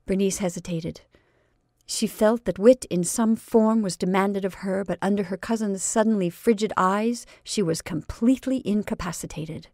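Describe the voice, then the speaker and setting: A woman reads a classic short story aloud, measured and expressive. Her voice carries a gravelly fry. The sound is dry and close. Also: mid-range voice, no echo.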